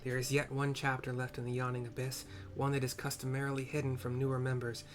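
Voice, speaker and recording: An earnest male guildmaster , as a man reads him, in a plain, mid-pitched voice. His lines are formal and measured. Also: completely flat delivery, soft background music, lightly acted.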